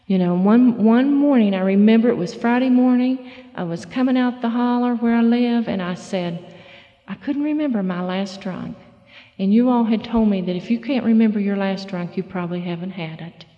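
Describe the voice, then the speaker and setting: A middle-aged woman telling her recovery story at a meeting, folksy and halting, full of fillers and restarts. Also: fairly high pitch, in a large hall, highs cut off. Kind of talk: personal testimony talk.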